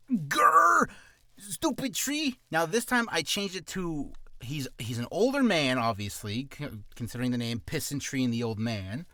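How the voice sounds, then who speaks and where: A man's voice: medium pitch, a bit bright, no echo, clean studio sound. A young man explaining voice-acting improv in a rambling, self-deprecating casual chat on a home mic. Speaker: voice actor vlogger.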